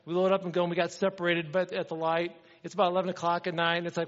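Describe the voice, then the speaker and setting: A middle-aged man preaching a sermon, telling a story with animated energy and acting out the dialogue. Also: high-pitched, racing, few pauses. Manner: animated, acts out dialogue in his stories. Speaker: pastor. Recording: dull sound with long hall reverb.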